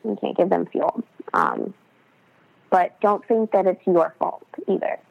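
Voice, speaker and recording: A woman guest chats casually on a podcast, her speech loose and full of fillers. Her voice sits at an everyday pitch. The recording sounds dull and lo-fi, lacking top end. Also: huge pitch swings, a little slow, vocal fry. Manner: chatty, full of "like" and "um", laughs often. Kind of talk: casual interview chat.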